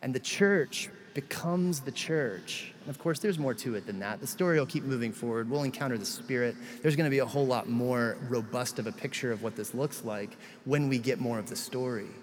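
A man's voice: mid-range voice, fairly quick, hardly any pauses, in a large hall. A male pastor delivering a sermon, retelling scripture in a conversational way with casual asides.

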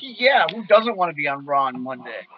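A man's voice: fairly high pitch, normal speed, husky, lo-fi sound. A man from Wisconsin telling casual stories as a guest, acting out the quoted voices with energy. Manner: animated, acts out quoted voices loudly. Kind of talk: casual storytelling.

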